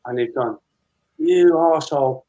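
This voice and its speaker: A man's voice: medium pitch, moderate pace, mellow, lo-fi sound. A man in his fifties, a guest telling a long casual anecdote and acting out dialogue as he goes. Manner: chatty storyteller, re-enacting dialogue with laughs.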